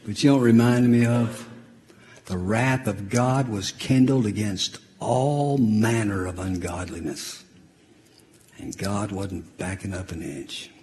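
A man preaching a sermon, telling a family story and swinging from loud, laughing storytelling to a hushed, grave close. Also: fairly low pitch, unhurried, slight background noise. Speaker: pastor. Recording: long hall reverb.

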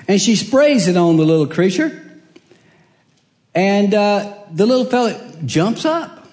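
An older pastor delivers a sermon full of folksy storytelling, telling homespun jokes and family stories and chuckling at his own punchlines. His voice is on the high side and a little mellow, with lively intonation at a normal speed. The long reverb of a church hall surrounds him.

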